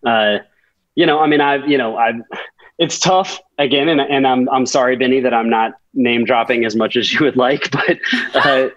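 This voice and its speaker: A man at an ordinary pitch answers as a podcast guest and stumbles through his restarts. The recording sounds a little dull. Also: fairly even intonation, a bit bright. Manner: halting, restarts, self-deprecating. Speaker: guest, marketing expert. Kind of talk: casual interview talk.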